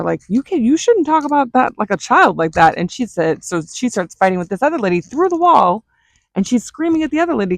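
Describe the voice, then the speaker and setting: A woman vlogger tells a story in an animated, chatty way. Her voice has a gravelly fry. The sound is dry and close. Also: on the low side, no echo. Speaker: vlogger, mother. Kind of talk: casual storytelling.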